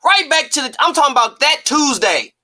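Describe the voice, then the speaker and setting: A man's voice: extremely high pitch, very animated, pushed and bright. A man hosting a boxing talk stream who rants emphatically and profanely, firing off rhetorical questions. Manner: emphatic, profane, rapid-fire rhetorical ranting. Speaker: host.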